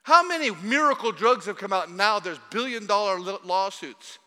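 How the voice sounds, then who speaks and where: Preaching with lively intonation at a normal speed, this pastor has a high, very bright voice. His sermon moves from quiet asides to loud, mocking digs, all echoing with the church hall's long reverb.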